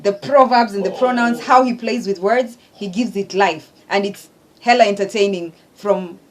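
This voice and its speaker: A woman's voice: medium pitch, moderate pace. A woman hosting a reaction video who breaks down rap lyrics line by line in casual, profane, emphatic chat.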